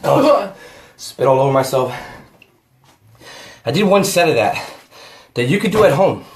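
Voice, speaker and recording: A man vlogs a home workout, a bit breathless and chatty as he talks to the camera. His voice sits slightly high, and the room around him echoes. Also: expressive, a little slow, slight background noise. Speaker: fitness vlogger. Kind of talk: casual home workout vlog.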